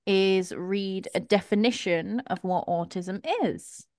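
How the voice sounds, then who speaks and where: A woman's voice: medium pitch, fairly even intonation, slow pace, darkish tone, no room sound, clean studio sound. A woman from England with a British English accent, hosting a casual group podcast chat. She is chatty and giggly, and she reads some parts out from her notes. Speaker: podcast host.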